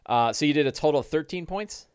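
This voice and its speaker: Man, dungeon master, animated narration, many fillers, dry recording. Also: a little high, quick pace, smooth, dry recording, dull audio. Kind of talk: narrating a tabletop game.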